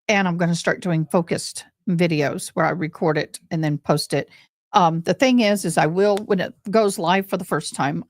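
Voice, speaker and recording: A woman's voice: on the low side, no echo, clean studio sound. A woman hosting a casual livestream, chatty and scattered, breaking into sudden cheers. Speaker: livestream host.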